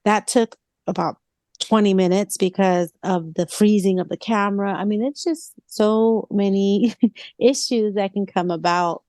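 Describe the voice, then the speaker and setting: A woman's voice: medium pitch, measured pace, no room sound. A woman co-hosting a casual podcast chat, telling stories animatedly and acting out quoted lines. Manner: animated storytelling with acted-out quotes. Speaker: co-host.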